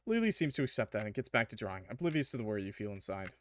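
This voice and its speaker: A man playing through a story game, reading narration aloud and reacting with excitable, animated outbursts. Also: lowish voice, racing. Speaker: gaming streamer. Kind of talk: let's play commentary and reading narration.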